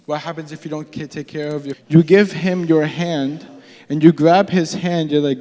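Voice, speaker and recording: A young man gives a relaxed, conversational sermon with a slightly high but mellow voice. He slips into pleading, acted-out prayers as he talks. The sound comes from a live stream in a church hall with a long reverb. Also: moderate pace. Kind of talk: casual sermon.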